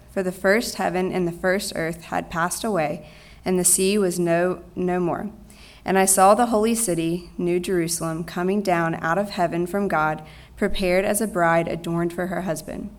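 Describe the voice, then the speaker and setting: A woman reading a long scripture passage aloud. Her reading is measured and solemn, and she sounds close to tears. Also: lowish voice. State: tearful. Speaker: scripture reader.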